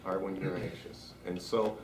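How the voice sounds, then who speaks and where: A man's voice: sits low, fairly even intonation, normal speed, noisy background. A man leading a staff training class, talking conversationally and asking the room questions. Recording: echoey room from far off.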